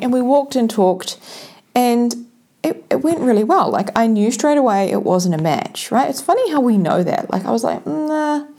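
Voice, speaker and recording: A young adult woman casually telling a self-mocking personal story to her viewers, animated and laughing often. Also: medium pitch.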